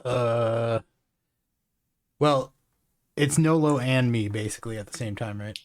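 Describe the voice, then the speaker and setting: Measured man asking rules questions. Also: mid-range voice. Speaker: player. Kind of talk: casual tabletop game talk.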